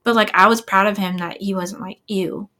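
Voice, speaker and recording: A young woman co-hosting a podcast, telling stories in casual chat, lively and full of fillers. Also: medium pitch, fairly quick. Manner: lively storytelling, many "like" fillers. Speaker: podcast co-host.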